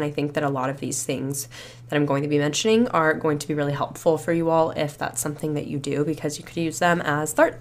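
A young woman hosting a solo podcast, chatty and reflective, a bit stuffy and short of breath after a cold. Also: sits low. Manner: chatty, reflective, many fillers like "you know" and "like". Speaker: podcast host. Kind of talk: casual solo podcast talk.

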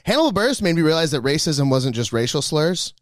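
A man's voice: fairly high pitch, sing-song, quick pace, dry recording, studio quality. A man joking and rambling on a casual comedy podcast.

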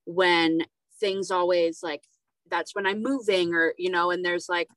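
A woman's voice: on the low side, steady tone, a little slow, a bit bright, no echo, poor audio. A woman hosting a casual podcast conversation, talking in a rambling, hesitant way with many fillers. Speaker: podcast host.

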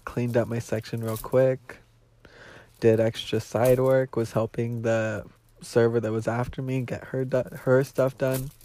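A man's voice: medium pitch, flat delivery, unhurried, mellow. A young man hosting his podcast, telling a personal story in a casual, emotional and profane way while out on a walk. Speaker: podcast host. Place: outdoors on a walk.

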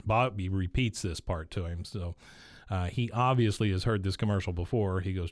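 A man's voice: on the low side, steady tone, moderate pace, no room sound, studio quality. A man, casually recapping a TV episode with many fillers and asides. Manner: rambling retelling with many fillers and laughs. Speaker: podcast host recapping an episode. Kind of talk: casual chat.

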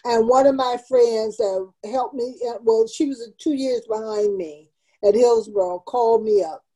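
Lady in her 70s telling her life story, earnest and emotional, higher voice but mellow. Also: measured pace, poor audio. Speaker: guest, community founder. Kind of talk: personal storytelling interview.

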